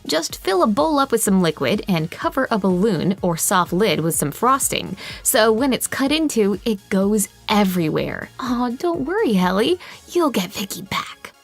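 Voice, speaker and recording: A woman's voice: medium pitch, very animated, moderate pace, gravelly, few pauses. Perky woman narrator, scripted and sing-song, light music behind. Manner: cheery, exaggerated. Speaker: video narrator.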